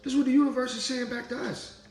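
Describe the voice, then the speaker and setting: A man, in his thirties, giving an animated spiritual monologue about parenting and laughing as he acts out voices. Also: extremely high pitch, fast, echoey room, faint music behind, poor audio. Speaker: spiritual vlogger, father.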